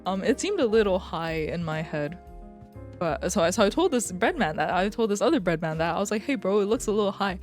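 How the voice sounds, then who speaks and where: A young woman talks on a live stream in a loose, rambling way, swearing freely and joking along the way. Her voice sits a little low for a woman. Faint music plays softly underneath. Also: big pitch swings, a little fast. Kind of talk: casual live-stream chat.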